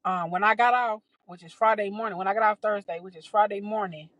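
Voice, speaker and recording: A woman hosting a podcast tells a personal story in a casual, animated way, laughing often and acting out other people's voices. Her pitch is medium and she talks fast. The recording is low quality with slight background noise.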